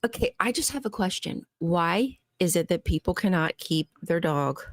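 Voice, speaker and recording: A woman's voice: fairly low pitch, moderate pace, dry recording, clean studio sound. Exasperated woman telling a story. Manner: animated storytelling, exasperated, laughs often. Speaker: show guest. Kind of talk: casual chat.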